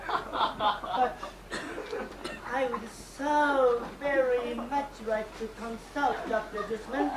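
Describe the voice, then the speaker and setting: A woman playing a fussy, insistent lady patient in an amateur stage comedy, giggly in manner. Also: on the high side. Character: flustered female patient with an odd name, pushy. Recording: echoey hall, far mic, audience noise.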